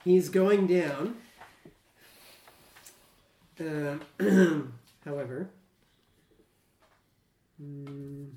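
An unhurried game master narrating a tabletop game, laughing easily between calls. The voice sits in an echoey room with a faint hiss. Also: medium pitch, mellow, distant mic.

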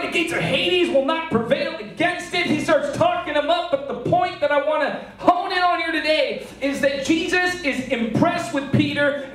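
A man preaching a sermon as pastor, animated and joking, acting out quotes. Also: very high voice. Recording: echoey hall, mic from far off.

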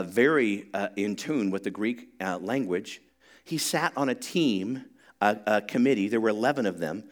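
Guy preaching a sermon, chatty teaching then gets loud and climbs way up in pitch, has the crowd repeat words back. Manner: conversational teaching that builds to loud, high-pitched emphasis; leads the congregation in call-and-response. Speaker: pastor.

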